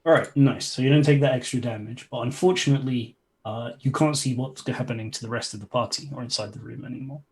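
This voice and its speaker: A man acting as game master for a tabletop game played over an online call, relaxed and chatty. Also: medium pitch, fast talker, hardly any pauses. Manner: relaxed, chatty, cursing mildly at stream problems.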